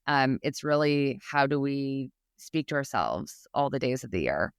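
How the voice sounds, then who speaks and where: An earnest woman guest speaks on a podcast in a clear, smooth voice. She is encouraging and often restarts her sentences. The sound is dry and close, with no room echo. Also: rumbling low, sing-song, unhurried. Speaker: guest expert on public speaking anxiety. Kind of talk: podcast interview.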